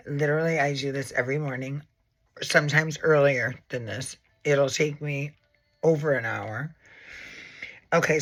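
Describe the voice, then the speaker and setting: A man in his forties talks through his makeup routine in an unhurried, gravelly voice. He is sassy and theatrical, trailing off into asides and cursing casually. He sounds like a seasoned makeup educator chatting to his viewers. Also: on the high side, sharp tone. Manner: sassy, dramatic, rambling, full of asides and swearing. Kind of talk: casual makeup tutorial vlog.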